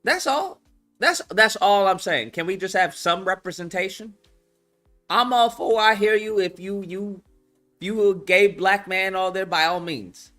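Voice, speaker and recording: A man giving casual commentary, animated and profane, repeating his points. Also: high voice, a little slow, faint music behind. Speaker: online commentator.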